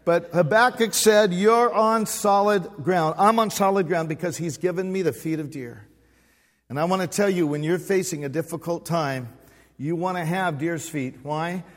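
A man's voice: high-pitched, normal speed, big-room sound. A man in his sixties preaching a sermon, folksy and humorous, with call-and-response. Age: 60s. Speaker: pastor. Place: church sanctuary.

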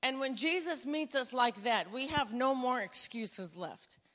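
A woman preaching a sermon, conversational and storytelling, building to emphatic, loud exclamations. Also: high voice, lively intonation, unhurried. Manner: conversational storytelling with self-talk asides. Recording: long hall reverb.

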